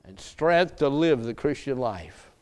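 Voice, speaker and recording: A man delivers a sermon in a smooth, resonant voice. He preaches at an unhurried, deliberate pace and stretches out his phrases. He presses his listeners with repeated rhetorical questions. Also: mid-range voice, expressive, darkish tone. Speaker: pastor.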